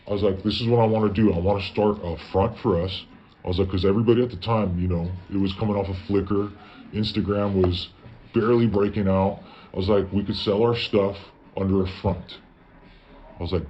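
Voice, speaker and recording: Male storyteller, casual and profane, keeps quoting himself; slightly low voice, muffled lo-fi recording with light hiss. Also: a little mellow. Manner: profane, tells stories with lots of "I was like" quoting. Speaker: guest telling his story. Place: parents' garage. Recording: dull lo-fi audio with faint background noise.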